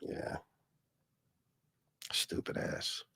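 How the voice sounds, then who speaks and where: A man's voice: drawn-out words, pushed and bright, no room sound. A man hosting a livestream, ranting at people in a heated, sarcastic, profane way. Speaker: livestream host.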